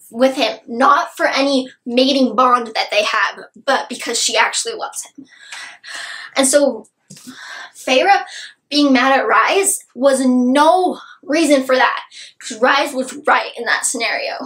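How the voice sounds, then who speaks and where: High-voiced gushing young woman reviewer. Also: fairly bright tone. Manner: gushing, filler-heavy with many "like"s. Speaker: book reviewer. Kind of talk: casual book review chat.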